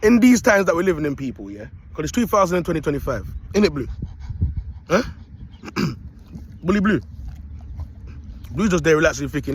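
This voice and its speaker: A man's voice: on the high side, very animated, brisk, pauses often, slight background noise. A man vlogging outdoors in a park into a phone, streetwise and preachy, in a casual motivational style. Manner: streetwise and preachy, repeats "you get me".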